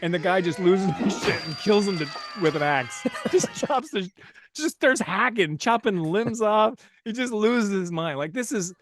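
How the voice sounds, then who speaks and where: A man's voice: high-pitched, animated, moderate pace, over music. A man hosting a casual movie-recap podcast, telling the story with lots of energy and frequent laughter. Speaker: podcast host.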